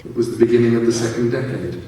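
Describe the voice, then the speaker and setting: A man's voice: medium pitch, fairly even intonation, mellow, far from the mic, a little hiss or hum. Man narrating a story in an echoey hall. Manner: measured storytelling. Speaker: author reading his story. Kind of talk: live reading of fiction. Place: large theatre stage, live.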